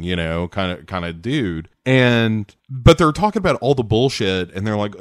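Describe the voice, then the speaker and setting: A man's voice: fairly low pitch, lively intonation, normal speed, few pauses, dry recording, studio quality. A man casually retelling a TV episode on a podcast, acting out the characters' lines and swearing freely. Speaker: podcast co-host recapping a TV episode. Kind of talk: casual chat.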